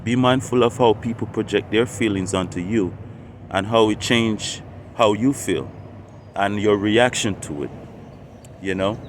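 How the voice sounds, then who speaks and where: A man's voice: fairly low pitch, measured pace, slight background noise. A man hosting a spiritual channel, talking unscripted and meandering, often repeating and restarting phrases. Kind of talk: unscripted casual monologue.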